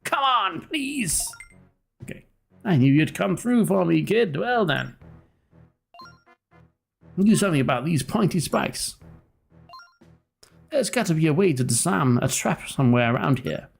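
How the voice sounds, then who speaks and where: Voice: mid-range voice, very animated, a little slow, creaky, pauses often, slightly rough, faint music behind, voice pushed up, heavily acted. A streamer voicing a cocky, cowardly male ship captain with a smug, wheedling manner. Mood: pleading. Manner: smug, wheedling, talks down to a kid. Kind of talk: voicing game dialogue live.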